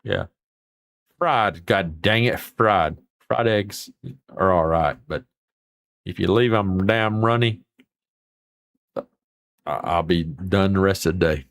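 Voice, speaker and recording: Gravelly, low-voiced man chatting. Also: takes it slowly, long pauses, dry recording. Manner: rambling, folksy, mild swearing. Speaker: livestream host. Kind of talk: casual chat reading viewer comments.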